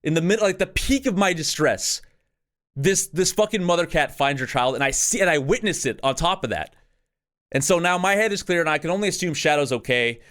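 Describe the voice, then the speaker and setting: A young man co-hosting a podcast, telling a long story in casual chat, animated, swearing often and restarting his sentences. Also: on the high side, brisk. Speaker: podcast co-host.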